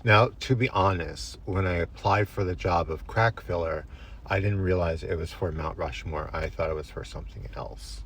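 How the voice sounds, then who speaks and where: Male storyteller, very low voice, dry deadpan delivery, faint room hum behind. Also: moderate pace. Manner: deadpan, rambling absurd tale. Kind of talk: comic storytelling to camera.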